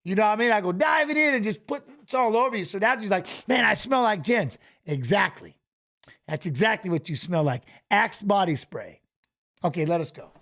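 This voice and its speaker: Excitable man with a high, lively voice. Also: fairly quick. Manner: excitable, joking, laughs often. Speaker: watch-along co-host. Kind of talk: casual live-stream chat.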